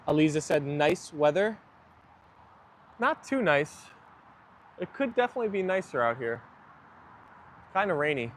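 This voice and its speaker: This man's fairly high voice has a sing-song lilt; he speaks unhurriedly and pauses often, with slight background noise. He livestreams from his phone while walking his dogs in the rain, rambling to viewers and joking at his own expense.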